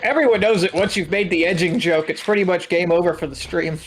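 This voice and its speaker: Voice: mid-range voice, quick pace, slight background noise. Joking friend on a game stream. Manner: joking, laughs while talking. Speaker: stream co-host. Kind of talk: casual chat on stream.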